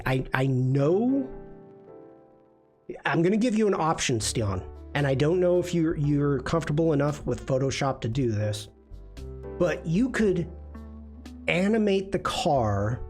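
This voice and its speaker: A slightly high, somewhat mellow male voice belongs to a livestream host and design instructor giving casual critiques of viewers' work. He's talkative and self-deprecating, with many fillers and restarts.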